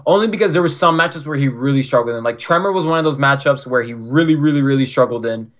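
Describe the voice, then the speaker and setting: A man's voice: mid-range voice, fast, fairly bright tone. A young man from Florida, a podcast guest, telling stories in a chatty way, full of "like" and acted-out quotes. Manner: chatty, fills talk with "like", acts out quoted dialogue. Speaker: podcast guest, competitive fighting game player. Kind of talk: casual storytelling. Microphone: online call. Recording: dull lo-fi call audio.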